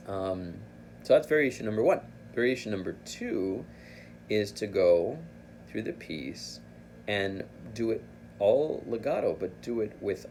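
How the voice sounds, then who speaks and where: Male flute teacher, low and gravelly, patient, self-correcting, faint hiss behind. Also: darkish tone. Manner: patient, thinking aloud with restarts. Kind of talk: instructional explanation.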